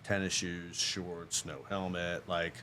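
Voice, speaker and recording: A man's voice: deep voice, flat delivery, takes it slowly, bright, forceful tone, a little hiss or hum. A man in his fifties telling a casual, self-mocking story as a podcast guest. He acts out the other people in the story as he goes. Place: podcast studio.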